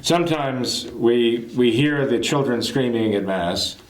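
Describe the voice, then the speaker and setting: A man gives a catechism lesson, making his points through everyday family anecdotes. His voice sits in a middle register and has a relaxed, chatty manner. The recording has a noticeable roomy echo. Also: medium pitch, a little slow. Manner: conversational, explains with homely hypothetical examples. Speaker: catechism teacher.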